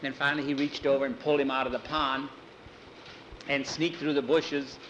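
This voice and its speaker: A man telling a homespun story aloud, halting with fillers as he goes. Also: medium pitch, level tone, fairly bright tone, muffled recording, slight background noise. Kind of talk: folksy oral storytelling.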